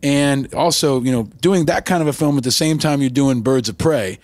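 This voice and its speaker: A man's voice: medium pitch, normal speed, a little mellow, no room sound. A man hosting an interview, asking long, rambling, effusive questions. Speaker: podcast host.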